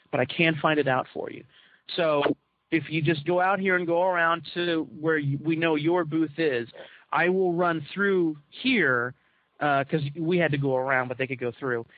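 In casual storytelling with his co-hosts, a man with a slightly high voice spins a long anecdote, performing the quoted lines with animation. There's no echo, and the recording sounds dull, lo-fi, and dry.

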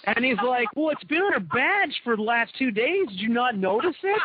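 A man's voice: extremely high pitch, sing-song, moderate pace, background noise. A man telling a long anecdote to his co-hosts in a casual chat, acting out the quoted dialogue with animation. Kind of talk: casual storytelling among co-hosts. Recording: dull lo-fi dry recording.

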